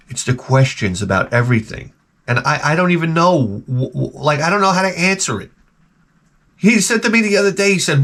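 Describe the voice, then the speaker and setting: On his own retro game channel, a man with a gravelly mid-range voice talks quickly through a rambling comic rant. The delivery is animated and profane, with lots of cursing and stumbling restarts.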